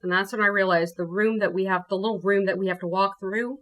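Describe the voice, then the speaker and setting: A woman from New Orleans, a guest telling her ghost story in casual, animated talk. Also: mid-range voice, quick pace. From New Orleans, USA. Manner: animated, acts out her own quotes.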